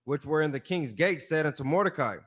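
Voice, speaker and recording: A man reads scripture aloud in a steady, plain voice. His voice sits a little higher than most men's. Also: fairly quick. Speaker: scripture reader.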